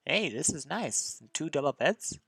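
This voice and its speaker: A man's voice: a little high, big pitch swings, unhurried, gravelly, sharp tone, slightly rough, dry recording, voice pushed up, heavily acted. An eager, cheerful young furry creature , voiced by a man. He sounds happy and easygoing. The voice sits slightly raised and comes through dry and close. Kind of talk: amateur visual novel reading.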